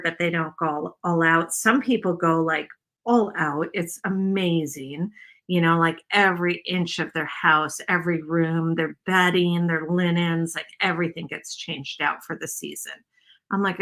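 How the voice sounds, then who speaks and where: A craft video host chats through a project on a casual livestream, her bright, forward voice sitting a little low. She rambles, makes self-deprecating jokes, and calls her viewers "y'all."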